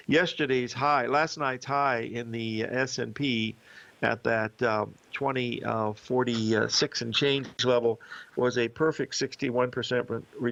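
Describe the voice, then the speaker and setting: Gravelly male market-show host. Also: medium pitch, a bit bright, dull audio. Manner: rambling, with many fillers and restarts. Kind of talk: live market commentary show.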